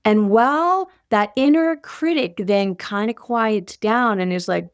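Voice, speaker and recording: A middle-aged woman co-hosting a podcast, talking in an animated, playful, self-deprecating way. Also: fairly high pitch, unhurried, hardly any pauses, clear, resonant tone, no room sound, clean studio sound. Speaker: podcast co-host. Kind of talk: casual chat.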